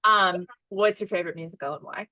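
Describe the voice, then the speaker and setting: A woman's voice: lowish voice, fairly quick, sharp tone. An American woman in her thirties hosting a podcast, chatting in a gushing, rambling way and often breaking off mid-sentence. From United States. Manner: gushing, rambling, self-interrupting. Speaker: podcast host. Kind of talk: casual podcast chat.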